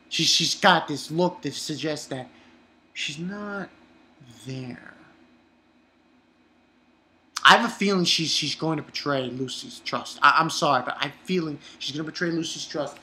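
A man's voice: on the high side, moderate pace, bright, forceful tone. A man giving a casual, rambling anime episode review, swearing freely and chuckling at his own asides.

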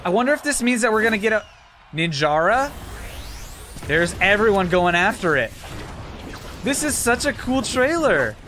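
A man hosting a reaction video to game trailers, talking in an excitable, animated way with quick exclamations. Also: sits high, a little hiss or hum. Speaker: host. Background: faint trailer music.

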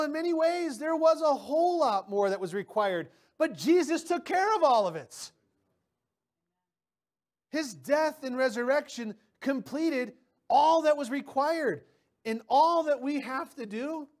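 A man's voice: very high voice, animated, measured pace. A man preaching a sermon as pastor, talking conversationally with personal stories and often repeating words as he starts a sentence.

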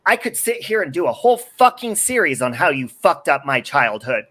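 Furious swearing man, bright lively voice. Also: fairly high pitch, moderate pace. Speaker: livestream host. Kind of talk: angry livestream rant.

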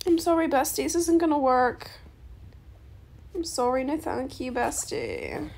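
A young adult woman in casual gameplay chat, soft-spoken and chatty, recorded on a phone in a quiet bedroom late at night. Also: high voice, wildly swooping pitch, unhurried, creaky, long pauses. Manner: chatty, soft-spoken, calls viewers bestie. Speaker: gaming YouTuber.

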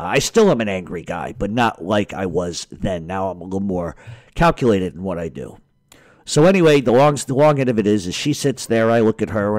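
A man's voice: lowish voice, darkish tone, no room sound, poor audio. A middle-aged man hosting a radio show, ranting in a heated, profane, rambling monologue. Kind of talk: angry monologue rant.

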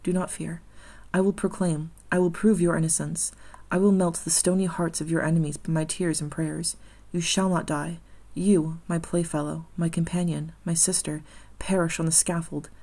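A woman's voice: low voice, flat delivery, normal speed, few pauses, warm tone. A woman voicing a grieving young woman who earnestly pleads for her condemned friend, in an audiobook reading. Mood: pleading.

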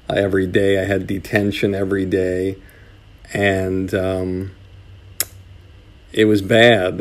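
A man's voice: on the low side, a little mellow. A man from Massachusetts with an American accent, a talent manager telling a story in a rambling, hesitant way. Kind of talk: interview storytelling.

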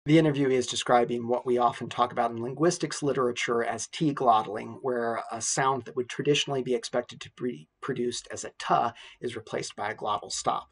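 A university lecturer explains things in a measured, steady way. His voice has a gravelly, creaky edge and a husky texture, and it sits at a middle pitch. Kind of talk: recorded lecture.

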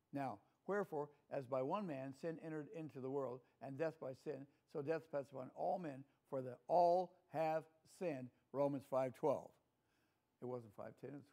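An older man with a Southern American accent and a mellow, mid-range voice teaches a church class. His Bible lesson is folksy and talkative, with frequent calls for an amen from the room.

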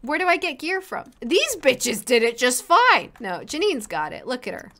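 A woman's voice: high voice, sing-song, normal speed, pushed and bright. A woman hosting a casual let's play, commenting in a profane, exasperated, self-mocking way.

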